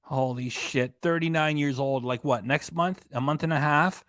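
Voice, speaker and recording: A man delivers scornful, sarcastic commentary while reacting to a livestream, swearing freely. His voice sits a little high for a man. The recording is dry and close, with no room sound. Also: normal speed, a bit bright, no room sound. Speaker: reaction channel host. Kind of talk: mocking commentary over a livestream.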